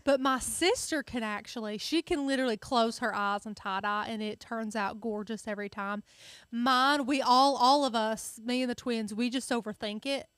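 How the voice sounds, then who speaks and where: A woman's voice: a little high, moderate pace, fairly bright tone, smooth, no echo. Bubbly woman chatting behind the camera. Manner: bubbly and self-deprecating. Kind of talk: casual chat.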